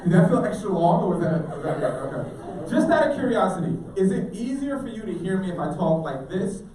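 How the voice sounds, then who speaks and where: A man speaking to students as a motivational speaker, playful and jokey, tossing questions to the crowd. His voice sits a little high. It rings through an echoey school auditorium, picked up from far off with a faint hiss. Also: very animated, brisk. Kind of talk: live speech to students.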